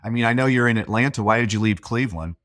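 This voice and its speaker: A man's voice: medium pitch, a bit bright, no echo, studio quality. A man in a casual conversation, telling stories with enthusiasm and praising his host. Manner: enthusiastic storyteller, quick to praise. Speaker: podcast guest, speaker and coach.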